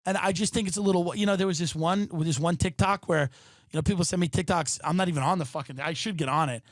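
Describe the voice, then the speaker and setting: Brief: male comic host, fairly high voice, profane animated rant, dry close sound. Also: fast, no room sound. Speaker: podcast host. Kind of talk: ranting comedic monologue. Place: his apartment.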